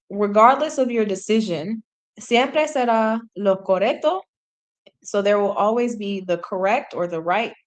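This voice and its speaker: Woman, mid-range voice; relaxed streamer reading lines aloud and translating, chatting and correcting herself as she goes. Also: medium pitch. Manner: chatty, self-correcting, laughs at herself, drops into sung snippets. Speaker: language learner streaming a reading session.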